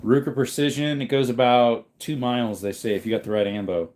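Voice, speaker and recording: A man hosting a livestream, reading viewer comments aloud in a relaxed, rambling way while yawning. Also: medium pitch, brisk. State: sleepy, yawning. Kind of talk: casual chat.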